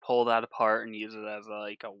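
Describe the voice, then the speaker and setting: Smooth-voiced swearing game player. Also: male voice, on the low side, completely flat delivery, a little fast, a bit bright, no room sound. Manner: casual, swearing, rambling. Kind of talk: casual tabletop game chat.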